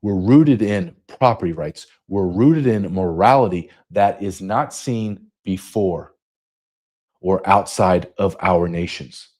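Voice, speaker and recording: An American man in his fifties hosts a podcast monologue, speaking emphatically and repetitively. His voice is low-pitched and a little mellow, and his pace is slow.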